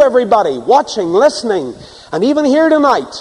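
A man preaching a sermon to a congregation, swinging from loud emphasis to hushed asides. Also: sits high, very animated, unhurried, in a large hall, low-quality recording. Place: church before a live congregation.

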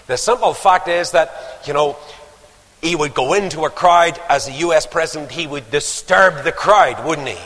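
The older man's sermon voice is fairly high and fairly bright, keeping a moderate pace as he tells stories and builds to urgent exhortations. He's in a church, and the recording has long hall reverb.

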